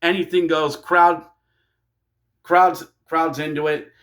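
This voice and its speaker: A man narrating a fantasy wrestling storyline in a playful, excitable way. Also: a little high, takes it slowly. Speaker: wrestling fan video creator.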